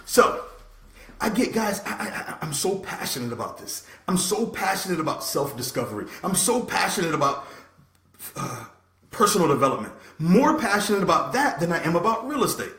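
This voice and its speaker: A man hosting a passionate motivational talk, preaching with sudden swings from loud to soft. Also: sits high, sing-song, moderate pace, echoey room. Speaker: host. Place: room.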